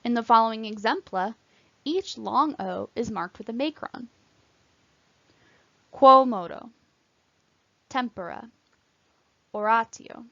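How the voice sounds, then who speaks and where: Female Latin instructor, scripted lesson voice-over, slightly raised pitch, careful diction. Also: expressive, fairly bright tone, dry recording, lo-fi sound. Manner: clear, careful, deliberate enunciation of example words. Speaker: Latin teacher.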